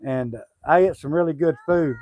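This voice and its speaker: A man's voice: on the high side, moderate pace, darkish tone, dry recording, highs cut off. A middle-aged man, chatting casually on a homestead livestream, rambling with lots of fillers and restarts. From Southwest Arkansas.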